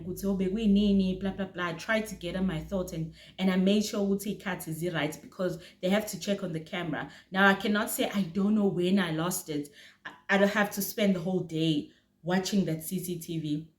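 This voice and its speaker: South african woman, young adult, chatty storytelling, echoey room. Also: mid-range voice. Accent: South African, with isiZulu words. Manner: animated, laughing often, mixing in isiZulu words. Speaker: vlogger telling a storytime. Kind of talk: casual storytelling.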